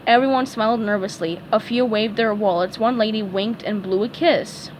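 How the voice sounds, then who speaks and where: A woman's voice: medium pitch, a little hiss or hum, rough recording. Woman reading a storybook aloud. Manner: slow, careful reading with small stumbles. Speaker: fan fiction reader. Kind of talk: storybook read-aloud narration.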